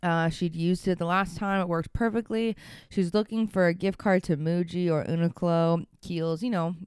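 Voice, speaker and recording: A woman's voice: on the low side, steady tone, moderate pace, a little mellow, smooth, no room sound. Female co-host, chatty and laughing, dry close recording. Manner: chatty, laughs often, many fillers. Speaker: podcast co-host. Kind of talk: casual podcast chat.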